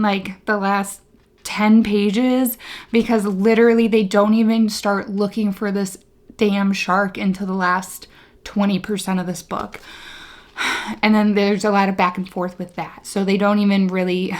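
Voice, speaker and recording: A woman, reviewing a book in casual vlog chat, sarcastic and exasperated, laughing as she rants. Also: medium pitch. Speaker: book vlogger.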